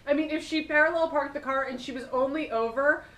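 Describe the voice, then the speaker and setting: Frank higher-voiced woman chatting. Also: fast, a bit bright, poor audio. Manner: frank, swears casually, trailing fillers. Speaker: podcast guest. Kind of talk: casual chat.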